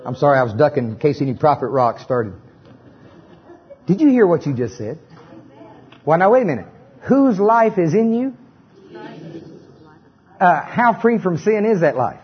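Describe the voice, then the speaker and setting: A middle-aged man preaches with animation, leading his congregation through repeated lines in call-and-response and tossing in joking asides. His voice sits on the high side at normal speed with frequent pauses, and the sound is lo-fi.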